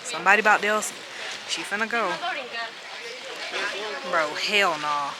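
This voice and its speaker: A woman's voice: fairly low pitch, measured pace. A young woman vlogging by a lakeside cliff, chatting and joking in slang as she films on a handheld camera. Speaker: travel vlogger. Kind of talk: casual vlog chat. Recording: loud outdoor noise.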